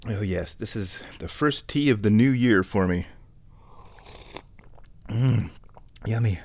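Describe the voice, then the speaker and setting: Slow, laid-back rambling man. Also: fairly low pitch, a little hiss or hum. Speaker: streamer hosting a recurring show. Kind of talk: casual rambling chat. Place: indoors at home.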